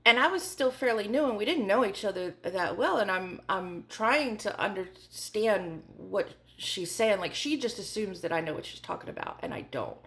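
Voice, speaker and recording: A woman's voice: medium pitch, lively intonation, normal speed, few pauses, a bit bright. A woman in her forties telling a candid storytime vlog in a chatty way, full of fillers. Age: 40s. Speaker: vlogger.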